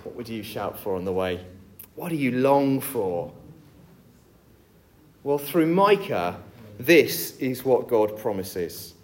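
A man preaching a sermon, explaining scripture with a lively, jokey storytelling delivery. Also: mid-range voice, slow, long pauses.

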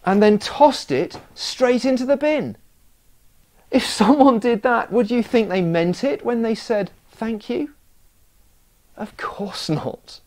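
A man's voice: sits high, darkish tone. A man preaching a sermon, telling stories with self-mocking humour.

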